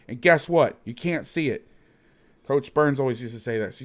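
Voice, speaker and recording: A man's voice: medium pitch, moderate pace. A man hosting as a football coach, breaking down game film in a heated, profane, emphatic way, repeating his points.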